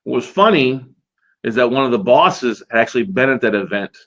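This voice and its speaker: A man hosting a podcast, telling a personal story in a lively, casual way and acting out the quotes himself. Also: mid-range voice, a little fast. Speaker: podcast host. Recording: slightly dull lo-fi audio.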